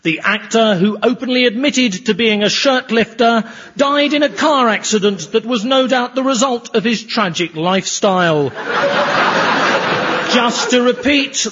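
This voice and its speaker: A man's voice: very high voice, very noisy. An actor playing a smug, bigoted male TV newsreader in a formal, sneering delivery. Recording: dull lo-fi TV sound with music.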